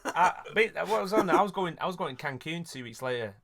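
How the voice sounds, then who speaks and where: A man's voice: on the high side, expressive, a little fast, vocal fry, a loud crowd. A man, hosting a podcast and telling a rambling, sweary story with frequent laughs. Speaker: podcast host. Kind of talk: casual storytelling chat.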